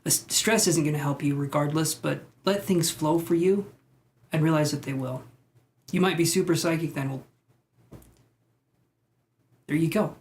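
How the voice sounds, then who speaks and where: A man's voice: on the high side, normal speed, pauses often. Chatty man rambling on a live stream. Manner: rambling, chatty, reacting to viewer comments. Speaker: tarot reader and live streamer. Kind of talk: casual live-stream chat with viewers.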